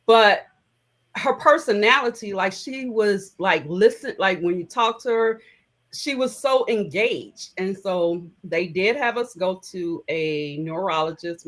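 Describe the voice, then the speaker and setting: A woman's voice: mid-range voice, a bit bright, rough recording. A middle-aged woman telling a personal story as an interview guest, conversational and emotional, with many fillers.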